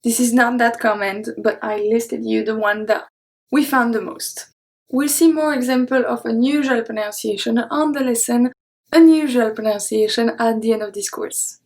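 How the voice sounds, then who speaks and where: A woman teaching pronunciation, repeating each word slowly and carefully as a model. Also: on the high side, darkish tone. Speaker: French teacher. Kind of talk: pronunciation lesson.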